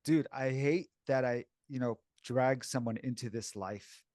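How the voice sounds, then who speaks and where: A man's voice: medium pitch, unhurried, a little mellow, dry recording, clean studio sound. A man co-hosting a podcast, talking casually and candidly and calling the other host "bro" and "dude".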